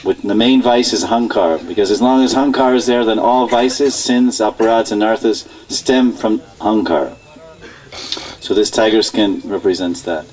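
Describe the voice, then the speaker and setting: A man preaching at a temple, telling a story in an animated way and laughing often. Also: fairly low pitch, normal speed, recorded from a distance, rough recording. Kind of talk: storytelling lecture. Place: temple hall.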